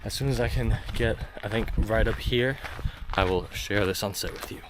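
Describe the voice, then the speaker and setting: Walking along a rural back road, an American travel vlogger with a deep, low voice rambles at a moderate pace, full of fillers and jokes at his own expense. He films on a handheld phone while clear outdoor sounds, including footsteps on gravel and leaves, run beneath his speech.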